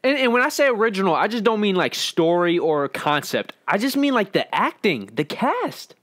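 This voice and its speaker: Young man with a fairly high, dry voice. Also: very animated, fairly bright tone, dry recording. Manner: short quick replies, reads box-office figures. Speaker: podcast co-host. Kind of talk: casual chat.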